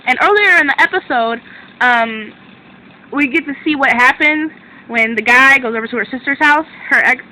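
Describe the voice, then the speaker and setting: Young woman reviewer, bright forward voice, excitable rambling chat, a bit high, faint hum behind. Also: low-quality recording. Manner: excitable, rambling, self-interrupting. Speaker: drama reviewer. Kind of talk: casual chat recap.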